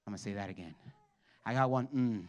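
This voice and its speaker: A man preaching a sermon, animated, asking the congregation to respond and dropping to quiet asides. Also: fairly low pitch, fast. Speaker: pastor.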